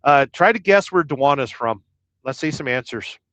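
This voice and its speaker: Speaking at a normal speed in an animated, mid-range voice that's a bit bright, a man livestreams from his truck. He rambles and jokes while reading viewers' comments out loud, and the recording is dry.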